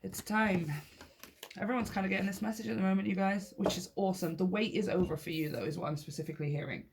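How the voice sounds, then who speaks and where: A woman's voice: medium pitch, fairly even intonation, fast talker, noisy background. A woman giving a casual tarot reading to her viewers, upbeat and encouraging, often laughing and repeating key phrases for emphasis. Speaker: tarot reader.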